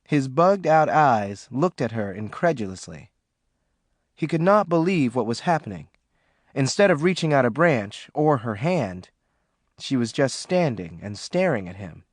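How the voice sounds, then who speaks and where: A man giving steady, dramatic audiobook narration. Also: mid-range voice, measured pace, no room sound, clean studio sound.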